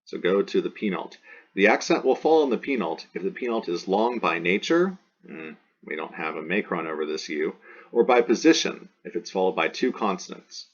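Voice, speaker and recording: A man with a very low, husky voice teaches a recorded lesson. He is patient and goes over each term and example more than once. The recording sounds dull and lo-fi. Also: expressive. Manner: patient, repeats terms and examples slowly. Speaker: Latin teacher.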